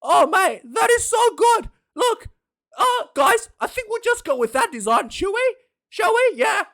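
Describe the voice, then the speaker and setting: A man doing a gushing falsetto rugby official. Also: big pitch swings, a little slow, pushed and bright, heavily acted. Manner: falsetto, gushing, says mate a lot. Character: gushing excitable male rugby board official. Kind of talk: comic impression in a vlog rant.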